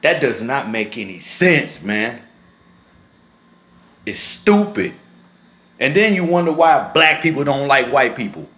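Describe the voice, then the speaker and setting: A man's voice: fairly high pitch, a bit bright, reverberant. A man talking in an emotional vlog, impassioned and repeating himself as he speaks. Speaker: vlogger.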